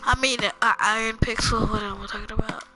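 A young woman giving a rambling, casual walkthrough of a video game, talking low with a sore throat and sudden loud bursts. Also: fairly even intonation, a little fast. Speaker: gamer. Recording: loud music behind voice.

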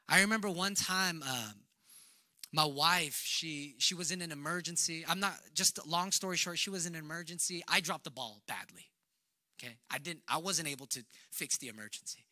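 A young man preaches in a relaxed, conversational way, acting out little exchanges of dialogue and dropping to a near whisper for the tender lines. His voice sits fairly high and sounds very bright and clear. The recording is dry and close. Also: moderate pace, dry recording. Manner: conversational, acts out quoted dialogue, drops to a hush for tender lines. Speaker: pastor. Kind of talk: sermon.

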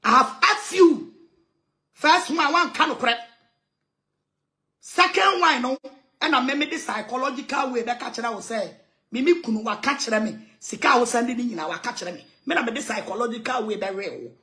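A woman's voice: on the high side, normal speed, bright, forceful tone. A Ghanaian woman evangelist making an emphatic, aggrieved complaint, repeating her points. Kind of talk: impassioned complaint.

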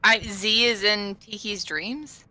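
A woman chatting casually on a podcast, reacting quickly and expressively. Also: mid-range voice, steady tone, pushed and bright. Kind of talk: casual group chat.

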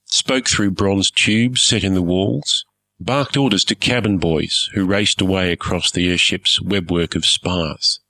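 A man reading a first-person story aloud in a measured, formal storytelling manner. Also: low voice, pushed and bright, no echo, low-quality recording. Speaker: story narrator.

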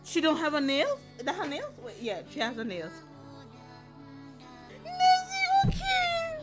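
A young woman reacting to anime, loud and exclamatory and laughing often. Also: sits high, huge pitch swings, brisk, loud music behind the voice.

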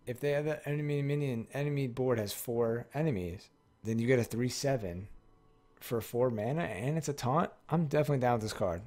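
A man's voice: medium pitch, brisk, darkish tone. A man giving casual, rambling commentary while opening card packs, often correcting himself and swearing freely. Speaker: card game pack-opening streamer.

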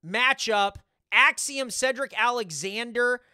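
A young man with a high, bright voice tells the story of his wrestling management game. He jokes as he goes, and the sound is close and dry. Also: slow, clean tone, no room sound. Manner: animated, jokey play-by-play recap with swearing. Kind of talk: casual gaming chat.

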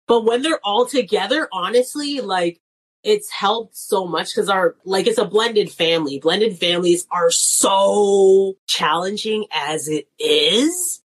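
A woman comedian in her thirties talks in a loose, chatty way. She laughs often and slips into quoted voices when she tells a story. Her voice sits at a middle pitch. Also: expressive, slow pace, breathy edge. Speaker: guest comedian and nurse. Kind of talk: casual chat.

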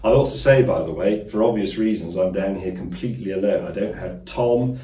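A middle-aged man hosts a cooking show alone in a small underground kitchen, his dry asides landing in a low, mellow voice. He is picked up by phone and tablet cameras set across the room, so he sounds far off and the space rings around him. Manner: deadpan, self-mocking asides, slow deliberate pauses. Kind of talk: dry, wry solo cooking chat. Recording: echoey room, mic at a distance.

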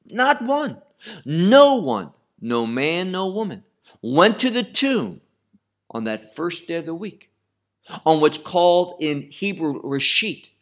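A middle-aged male Bible teacher with a somewhat high voice that rises and falls a great deal. He speaks slowly and with emphasis, repeating phrases for stress as he works through a text verse by verse. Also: fairly bright tone.

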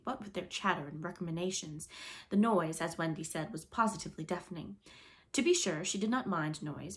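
A woman narrating a classic storybook in an expressive, lively reading manner. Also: on the low side. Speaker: audiobook reader.

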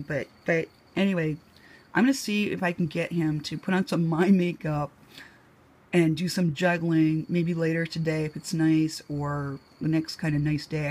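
A middle-aged woman from New England vlogs at home, casually spinning rambling stories about her life. She's talkative, laughs often, and voices quoted lines in a higher register.

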